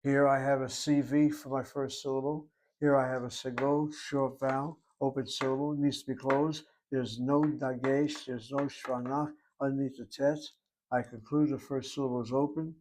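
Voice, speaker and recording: A man's voice: mid-range voice, flat delivery, moderate pace, a little mellow. A man teaching a Hebrew grammar lesson, methodical and repetitive, explaining each rule step by step. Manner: methodical, repeats key terms, explains step by step.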